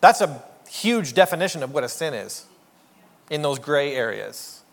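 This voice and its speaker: Brief: male pastor, slightly high voice, wry and chatty, big reverberant church sound. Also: very animated, moderate pace, gravelly. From Canada. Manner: joking, conversational, rhetorical asides. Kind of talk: sermon.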